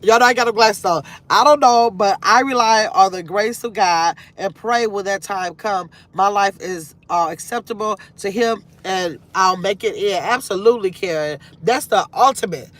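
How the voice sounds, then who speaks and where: A woman's voice: medium pitch, moderate pace, hardly any pauses, fairly bright tone. A middle-aged grandmother hosting a casual live chat from her car, rambling and reflective as she reads viewer comments aloud. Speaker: livestream host.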